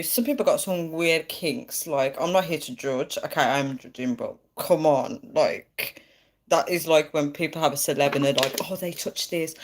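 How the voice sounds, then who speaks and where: A woman's voice: on the low side, darkish tone. A woman chatting casually on a live stream, giggling and reading out viewer comments.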